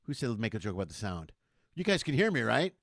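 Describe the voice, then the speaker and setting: A man's voice: mid-range voice, sing-song, fast talker, dry recording, studio quality. A middle-aged man hosting an online comedy show over a video call, bantering and mocking himself. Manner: jokey, self-mocking banter.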